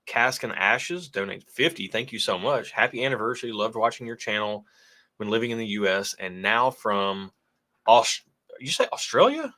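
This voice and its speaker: A man's voice: fairly low pitch, big pitch swings, moderate pace, bright, forceful tone. A man co-hosting a whiskey livestream, chatting casually, joking and reading out viewer donations. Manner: laid-back, joking, chatty. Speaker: whiskey channel co-host.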